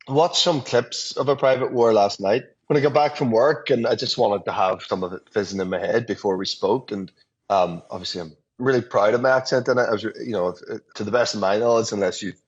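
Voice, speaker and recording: Low husky man on a dull line. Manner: chatty, laughs easily, restarts often. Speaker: actor, interview guest. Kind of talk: casual interview chat. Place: his apartment.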